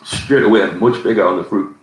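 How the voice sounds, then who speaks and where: A man's voice: lowish voice, fairly quick. A man with a Geordie accent hosting a live whisky tasting, rambling through his tasting notes with plenty of fillers. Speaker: whisky society ambassador. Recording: roomy echo.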